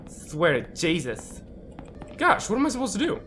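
A man playing a horror game and commenting, easily startled, swearing and yelling back at the ghosts. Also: sits high, wildly swooping pitch, normal speed, soft background music. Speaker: gaming channel host.

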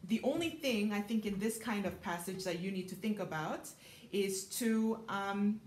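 A woman concert pianist explains music in a piano masterclass, thoughtful and full of small ums, sometimes singing rhythms aloud. Her voice is medium-pitched and darkish, at a moderate pace. The recording has a roomy echo with piano playing and slight background noise.

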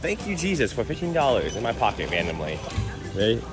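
Here a dad vlogs from inside a big warehouse store while shopping with his toddler, laughing often and using playful baby talk. His medium-pitched voice is sing-song and a little fast. Background music sits under this casual family chat.

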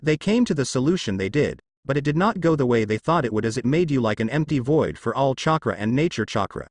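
A stammering young goddess, soft-spoken and polite, read by a man. The voice rises and falls with plenty of movement. It sounds close and dry, with no room around it. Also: mid-range voice, dry recording, lightly acted. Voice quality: stuttering. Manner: gentle and polite.

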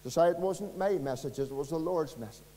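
A man with a Northern Irish accent preaching an evangelistic sermon, earnest and pleading, dropping to a hush and rising again. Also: on the high side, a little fast. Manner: earnest, pleading, dramatic swings from loud to hushed. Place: church. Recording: long reverb of a church hall.

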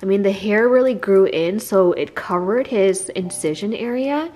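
A woman's voice: mid-range voice, animated, normal speed, dark tone. A young woman vlogging at home, coaxing her dog in baby talk and chatting to viewers. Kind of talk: casual vlog, talking to her dog.

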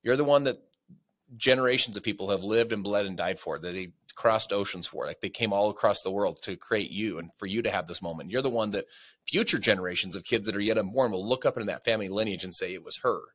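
A man's voice: fairly low pitch, fast, fairly bright tone. A man as a podcast guest, telling a story with energy and closing with a motivational speech. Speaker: guest, sales leader.

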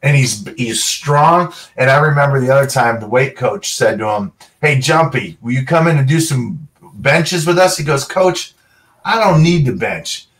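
Storytelling former football player, off-mic. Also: male voice, medium pitch, moderate pace, recorded from a distance. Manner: animated storyteller, acts out quoted dialogue. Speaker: interview guest, former pro football player. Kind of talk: casual storytelling.

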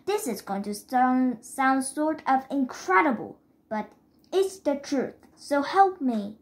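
A woman's voice: sits high, animated, slow pace, full character voice. A woman reading the lines of an earnest, polite young boy in a storybook. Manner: polite, pleading, says sir.

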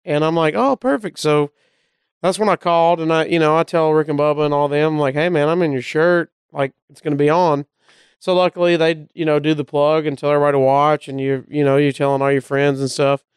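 A man from Alabama with a Southern drawl spins a story in casual talk, slipping in quick voices for the people in it. His voice is very smooth and clear, sitting a little high, and the sound is dry and close. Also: no room sound. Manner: animated anecdotes, acting out the voices of people in the story. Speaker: comedian guest.

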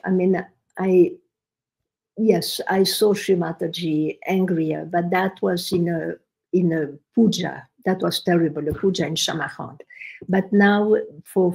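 Older woman, low gravelly voice with a husky edge, telling a story on a podcast. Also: low-quality recording. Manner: animated storyteller, quotes others with rising emphasis. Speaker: podcast guest. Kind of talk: storytelling in conversation.

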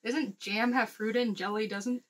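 A chatty American woman co-hosting a casual snack-tasting vlog. Her voice sits a little high, and she tells stories with quick asides. She laughs often as she talks. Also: fairly even intonation, poor audio. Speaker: vlog co-host.

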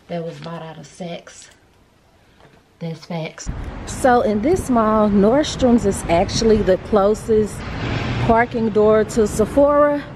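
Woman vlogging, excitable and chatty, handheld camera mic, noisy mall background. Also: lowish voice. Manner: chatty and excitable, talks straight to viewers. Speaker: beauty vlogger. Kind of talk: casual vlog chat to camera. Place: out and about in a mall and car.

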